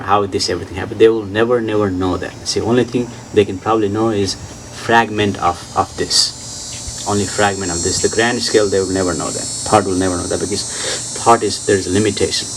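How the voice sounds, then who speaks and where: Low-voiced man giving a spiritual talk. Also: distant mic, slight background noise, low-quality recording. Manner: repetitive, insistent, slightly broken English, laughs softly. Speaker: spiritual teacher. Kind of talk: informal outdoor talk answering questions.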